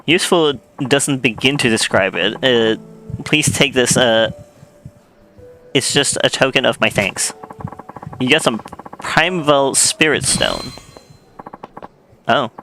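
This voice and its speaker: A man's voice: mid-range voice, takes it slowly, pauses often, pushed and bright, soft background music, poor audio. A man reading an eager young tax official. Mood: grateful. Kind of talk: reading game dialogue aloud.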